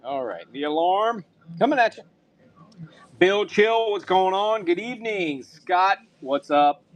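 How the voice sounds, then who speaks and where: A man's voice: high voice, animated, unhurried. A man hosting a live-stream auction, upbeat and thanking buyers by name, sometimes muttering to himself as he handles items.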